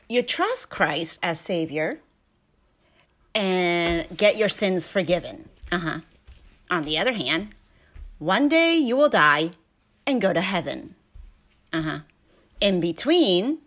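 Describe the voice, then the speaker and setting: A woman reading a devotional book aloud in a conversational way, pausing between phrases. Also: medium pitch.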